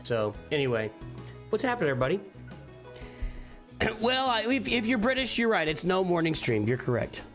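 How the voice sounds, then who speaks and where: Chatty rambling male streamer, fairly high voice. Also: sing-song, moderate pace, long pauses, a bit bright, soft background music. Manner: rambling, restarts often, thinks aloud. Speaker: streamer and channel host. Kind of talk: casual live-stream chat.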